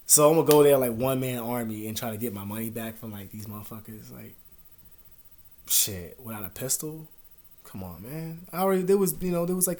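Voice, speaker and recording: A young man talking casually to the camera at home, rambling and swearing, his voice sinking to a mutter and then jumping up loud. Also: medium pitch, expressive, moderate pace, pauses often. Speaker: vlogger. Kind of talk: casual confessional talk to camera.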